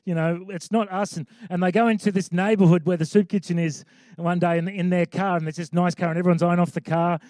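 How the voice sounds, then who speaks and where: High-voiced pastor preaching. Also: male voice, flat delivery, quick pace, darkish tone, dry recording, studio quality. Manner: conversational preaching with emphatic repeated lines. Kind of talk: sermon.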